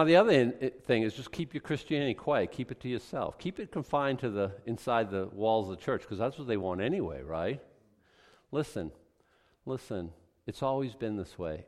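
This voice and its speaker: Animated preaching pastor in a reverberant church. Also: male voice, medium pitch, moderate pace. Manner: animated, conversational preaching with sarcastic asides. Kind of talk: expository sermon. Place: church sanctuary.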